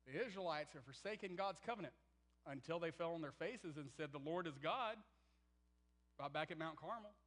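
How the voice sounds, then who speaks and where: A man preaching a sermon, swinging from loud, emphatic passages to near-whispered ones and acting out the quotes he reads. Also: a little high, expressive, moderate pace, poor audio. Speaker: pastor.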